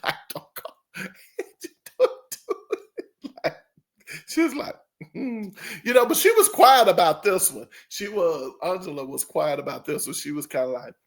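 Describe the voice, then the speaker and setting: Guy chatting to his channel, high lively voice, slow and rambly, laughs a lot. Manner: laughs often, rambling, imitates others. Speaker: channel host. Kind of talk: casual storytelling to camera.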